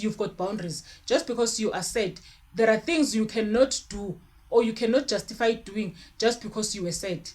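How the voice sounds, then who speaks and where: A young adult woman, talking casually to camera with parenting advice, earnest and repeating herself as she gathers her thoughts. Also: on the high side. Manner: earnest, repeats words, mixes in Zulu fillers. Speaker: parenting vlogger.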